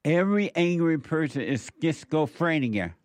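A man's voice: on the high side, expressive, normal speed, darkish tone, no room sound. A man hosting a call-in radio show, lecturing listeners emphatically and laughing often between points. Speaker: radio host. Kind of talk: call-in talk show preaching. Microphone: studio mic.

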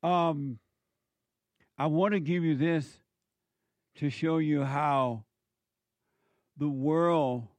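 A man's voice: fairly high pitch, fairly even intonation, very slow, long pauses, dry recording. A man hosting a commentary show, delivering an emphatic, lecturing monologue that repeats its points.

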